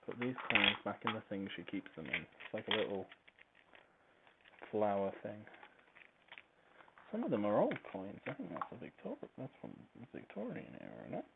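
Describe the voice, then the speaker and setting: A man's voice: on the low side, big pitch swings, moderate pace, gravelly, long pauses. A man in casual, rambling chat at home, swearing freely and wandering off topic as he tidies up. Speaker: podcaster. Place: home, tidying a child's toys. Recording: tinny phone-like recording with faint hiss.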